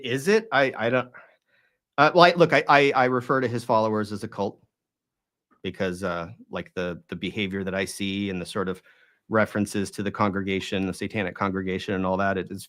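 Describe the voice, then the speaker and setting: A man's voice: fairly low pitch, fairly bright tone. A man being interviewed, speaking in a conversational way with many restarts and rhetorical questions. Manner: talks in halting restarts and hedges, often asks rhetorical questions. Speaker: guest.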